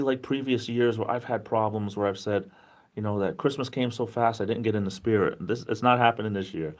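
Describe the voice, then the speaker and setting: A man with a Rhode Island accent hosts a relaxed livestream, his voice sitting somewhat low. He sounds worn out from little sleep yet stays cheerful, wandering from thought to thought and laughing often. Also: a little fast. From New England. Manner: rambling, upbeat, laughs often. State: tired. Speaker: livestream host. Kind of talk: casual livestream chat reading viewer comments.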